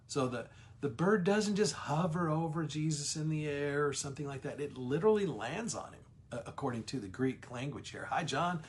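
A middle-aged man leading a livestreamed Bible study, emphatic, slowing down on key words and greeting viewers as they join. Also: fairly high pitch, expressive.

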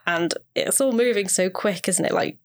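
A woman's voice: medium pitch, normal speed. A woman hosting a podcast, casually retelling comedy scenes and laughing often as she quotes the characters. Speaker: podcast host.

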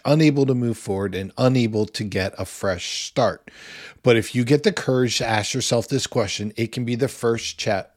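A man hosting a devotional podcast, teaching in an earnest, conversational way with the odd small laugh. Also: lowish voice. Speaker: podcast host.

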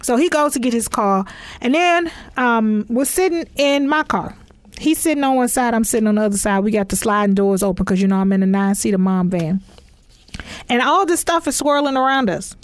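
High-voiced woman telling funny stories. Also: a little fast, smooth, dry recording. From Texas. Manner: animated, emphatic, sassy asides. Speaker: comedian. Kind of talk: comic storytelling.

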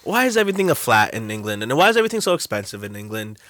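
A man's voice: lowish voice, very animated, racing, a bit bright, no room sound. A man in a casual chat, talking bluntly and profanely, often breaking into laughter.

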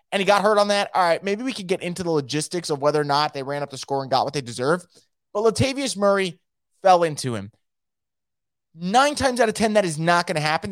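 A man's voice: high voice, no echo, clean studio sound. A man hosting a solo sports podcast, talking in an opinionated, emphatic, rambling way. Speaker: podcast host.

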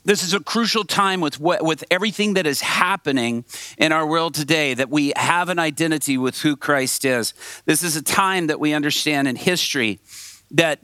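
A man's voice: a little high, bright, forceful tone, dry recording. A man preaching a sermon to a congregation, earnest and storytelling, asking the audience questions.

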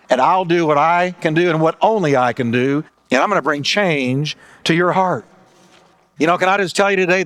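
A man's voice: sits high, fairly bright tone. A man preaching a sermon as pastor, telling stories and acting out the characters' lines with emphatic delivery. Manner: storytelling preacher, acting out voices in a joke.

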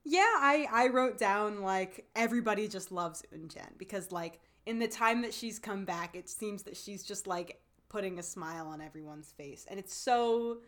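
A woman's voice: medium pitch, moderate pace, few pauses. Chatty woman with lots of fillers. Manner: animated, acts out characters' lines with lots of fillers. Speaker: podcast co-host. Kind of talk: casual chat recapping a TV drama.

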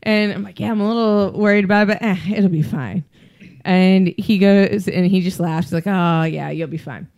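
A woman's voice: mid-range voice, fairly even intonation, normal speed, a little mellow. A woman, a podcast guest and skydiving instructor, telling a story in casual chat and laughing often.

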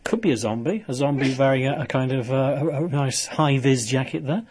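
A man's voice: mid-range voice, a little fast, a crowd in the background. A man presenting a radio show, chatting and teasing his guests in playful studio banter.

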